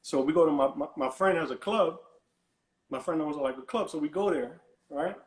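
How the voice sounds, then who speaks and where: Male caller, higher voice, rambling storyteller, roomy echo on the line. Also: normal speed. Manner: rambling, repeats and restarts words, dismissive "whatever". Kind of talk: animated storytelling on a call-in show.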